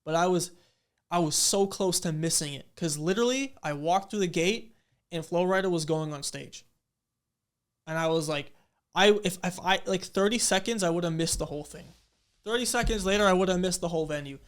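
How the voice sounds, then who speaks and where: A young man recounting an old story while reacting to his own videos, talking casually with plenty of "like"s. His voice sits a little high and comes through smooth and clear. He gets animated and acts out the people in the story as he talks. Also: brisk. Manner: animated storyteller, acts out quoted exchanges, many fillers.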